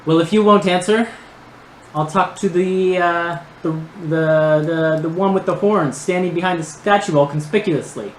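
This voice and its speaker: A man voicing a high-pitched, nerdy male inventor who talks in a fussy, indignant way. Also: normal speed, echoey room, slight background noise, natural voice, rough recording.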